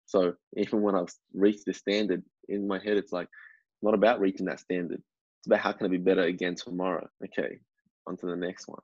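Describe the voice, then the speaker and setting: A man's voice: sits low, little pitch movement, fairly quick, darkish tone, breathy edge, no room sound, muffled recording. A man talking in a casual podcast chat, reflective and motivational, often repeating words as he thinks.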